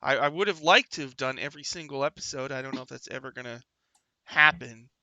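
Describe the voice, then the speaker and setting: A man runs a livestream talk show, chatting and rambling with many fillers and restarts, now and then reading viewer comments aloud. His mid-range voice is quick, bright, and forceful. The recording is muffled but has no echo.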